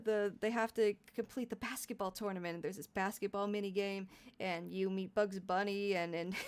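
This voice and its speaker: A young adult woman chatting casually on a live stream, giggly and rambling, laughing often. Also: mid-range voice. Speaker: VTuber streamer.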